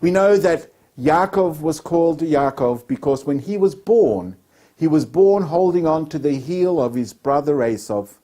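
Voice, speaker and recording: Animated, mellow-voiced rabbi teaching. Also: male voice, on the high side, unhurried. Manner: storytelling teacher who mixes jokes into explanation. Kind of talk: weekly Torah lesson. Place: Melbourne.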